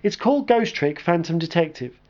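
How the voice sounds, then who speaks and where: A man's voice: on the high side, very animated, fairly quick, a little mellow, dull audio. A man voicing the earnest, firm-spoken ghost of a dead male friend. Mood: insistent.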